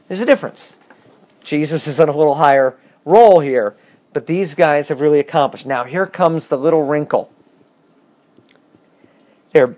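A man leading a bible study, reading verses and explaining them with lively questions to the class. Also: on the high side. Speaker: bible teacher.

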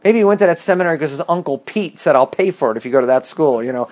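Guy teaching a bible study, kinda high voice, chatty, asks the room questions. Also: racing. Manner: lively, asks the class questions.

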